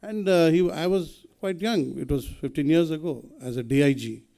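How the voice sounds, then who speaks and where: A middle-aged man with an Indian English accent gives a talk in a university auditorium and tells anecdotes with frequent hesitations. His voice sits a little high. It has a mellow, relaxed tone. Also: moderate pace, creaky. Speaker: senior police officer giving a talk. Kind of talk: anecdotal speech.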